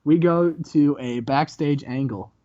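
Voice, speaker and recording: A man hosting comedic let's-play commentary, telling the story in an animated way and laughing often. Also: fairly high pitch, unhurried, lo-fi sound. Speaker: host.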